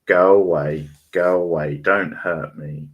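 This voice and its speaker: A man's voice: sits low, fairly even intonation, slow pace, creaky, breathy edge, highs cut off, exaggerated voice. A man reading the cries of a frightened ghost child, begging in a pleading, sobbing way.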